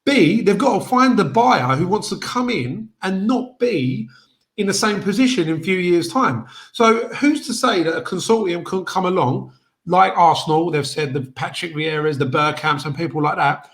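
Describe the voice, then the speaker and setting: A man's voice: high voice, expressive, normal speed, a bit bright. A man, co-hosting a casual football chat show and arguing his points emphatically, often repeating himself. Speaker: podcast co-host.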